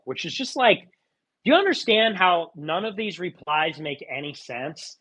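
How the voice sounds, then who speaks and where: A man's voice: fairly high pitch, very animated, normal speed, sharp tone, slightly rough. A man ranting sarcastically in a live audio chat, mocking others with theatrical outbursts. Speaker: streamer.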